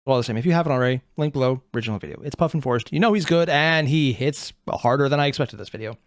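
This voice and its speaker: A reaction video host giving casual commentary, animated, thinking aloud and swearing often. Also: mid-range voice, rapid-fire, no room sound, clean studio sound.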